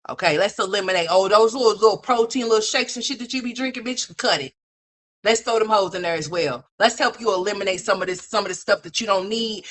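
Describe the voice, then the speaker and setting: A woman hosting a livestream, giving profane, brash, scolding commentary full of slang. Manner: animated, swings between loud and low. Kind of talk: ranting commentary.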